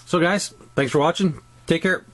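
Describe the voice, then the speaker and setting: A man's voice: a little high, moderate pace. A man with a Canadian accent talking casually through a scale-model weathering tutorial, rambling and restarting his sentences. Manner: rambling, chatty, frequent restarts and ums.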